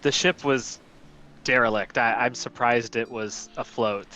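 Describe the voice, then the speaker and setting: A man playing a tabletop game, speaking in character in a relaxed, hesitant way. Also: medium pitch, measured pace, a little hiss or hum. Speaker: player. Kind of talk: in-character tabletop role-play.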